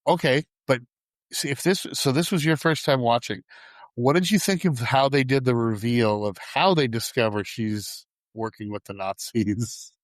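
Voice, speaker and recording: Male host at a middle pitch, chatty and amused, laughs through scene recaps, close dry sound. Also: normal speed, no room sound. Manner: laughs often while retelling film scenes. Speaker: podcast host. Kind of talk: casual film chat.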